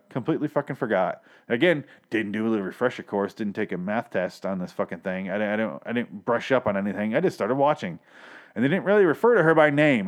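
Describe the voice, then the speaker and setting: A man hosting a podcast, recapping a TV episode in a rambling, sarcastic, profane monologue full of self-corrections. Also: mid-range voice. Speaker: podcast host reviewing a TV episode. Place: Los Angeles.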